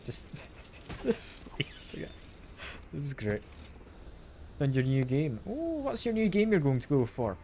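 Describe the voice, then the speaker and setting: A man's voice: a little high, huge pitch swings, moderate pace, pauses often, slight background noise. A young man with a mild Scottish accent, chatting casually to his live-stream viewers while gaming at home on a sensitive desk mic. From Scotland. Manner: chatty, self-deprecating, answers chat aloud with soft laughs.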